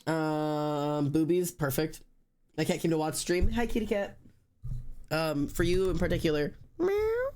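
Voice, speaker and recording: A young man talks casually to his stream from home, his voice sitting a bit higher than most men's. He rambles, trails off and restarts often, easygoing and unscripted. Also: darkish tone. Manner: rambling, loose, many fillers and restarts. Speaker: streamer drawing live. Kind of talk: casual chat with stream viewers. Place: indoors at home.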